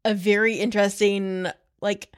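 A woman co-hosting a podcast, chatting casually and laying out ideas quickly. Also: medium pitch, little pitch movement, smooth. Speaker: podcast co-host. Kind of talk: casual chat.

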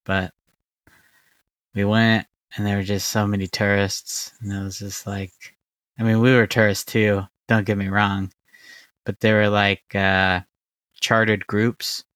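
Man, deadpan podcast host, slow unhurried delivery, crisp resonant voice, close dry sound. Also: fairly low pitch, no room sound. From Arizona. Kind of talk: casual chat.

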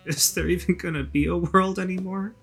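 GM putting on a hopeless young woman, drunk and cursed: high, halting, self-pitying, keeps repeating herself. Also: steady tone, creaky, slightly rough, faint music behind. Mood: despairing.

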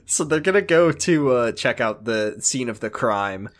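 A man co-hosting a casual recap podcast, animated and sarcastic, breaking into silly voices. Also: mid-range voice, unhurried. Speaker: podcast co-host.

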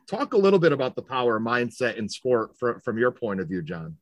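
A male interview host asks long, winding questions, restarting and searching for words. His voice is mid-pitched, and the recording sounds close and dry. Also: sing-song, brisk, no room sound.

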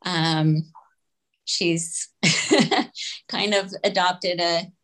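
Woman, podcast guest, slow and unhurried, hesitant with soft laughs. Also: on the low side, steady tone, rough recording. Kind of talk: casual interview chat.

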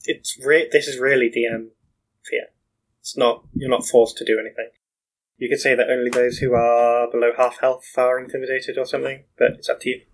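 A man's voice: medium pitch, flat delivery, fairly quick, slight background noise, rough recording. Male player, dry humor, explains rules casually. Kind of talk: casual chat at a tabletop game.

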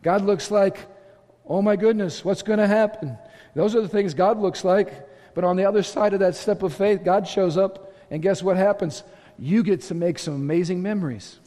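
An impassioned man preaching to his congregation, his voice sitting a little high. He swings between earnest talk and loud exhortation, and a long hall reverb trails behind every line. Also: fairly even intonation, normal speed. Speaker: pastor. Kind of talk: sermon. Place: church sanctuary.

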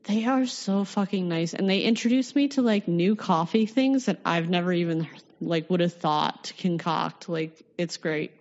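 A woman's voice: on the low side, normal speed, hardly any pauses, darkish tone. A woman hosting a podcast, playful and swearing casually as she chats with a guest. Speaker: podcast host. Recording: reverberant lo-fi audio.

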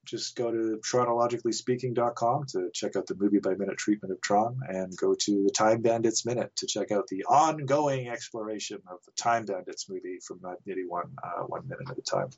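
Podcast guest: canadian-raised man, low voice, rambling chuckling anecdotes, dull lo-fi audio. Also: animated, a little fast, gravelly, hardly any pauses, a little mellow, husky. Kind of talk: casual anecdote telling.

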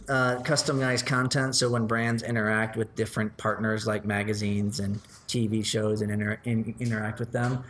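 A man from Chicago, in his thirties, talking through his career in a loose, filler-heavy way as an interview guest. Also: mid-range voice. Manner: rambling, filler-heavy, self-deprecating. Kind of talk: casual interview chat. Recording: roomy echo, faint background noise.

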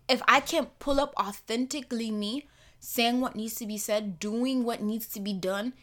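A woman from the Caribbean hosting a podcast, speaking in an emphatic, passionate solo monologue and laughing often. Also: fairly high pitch. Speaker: podcast host.

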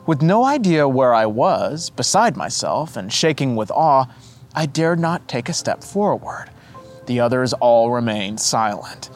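A man hosting and narrating a story with an expressive, measured reading. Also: mid-range voice, soft background music. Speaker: host and narrator.

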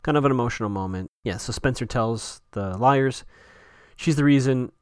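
Man, podcast host, casual rambling recap, mid-pitched voice, dry close sound. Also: moderate pace, smooth, dry recording. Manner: rambling, chatty, with frequent fillers and self-corrections.

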